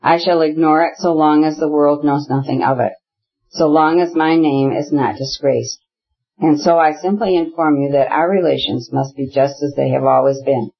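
A cold, sarcastic official husband in middle age, stiff and formal in his speech, as an audiobook reader puts him on. The voice is slightly husky, and the recording sounds dull and lo-fi. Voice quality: thin, shrill and sarcastic. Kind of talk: audiobook character reading.

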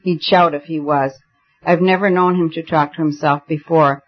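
Man voicing a worried young gentleman, clipped, urgent, fairly high voice, muffled lo-fi sound. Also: fairly even intonation, moderate pace, close to an everyday voice. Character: anxious young gentleman climbing a tree.

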